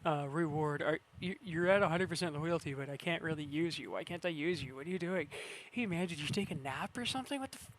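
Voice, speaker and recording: A man talking through his own strategy game in loose, unscripted commentary. He bursts into excited shouts and laughter, swears at the computer players, then drops back into tired mumbling. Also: on the high side, fast, slight background noise. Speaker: gamer. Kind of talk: let's-play commentary.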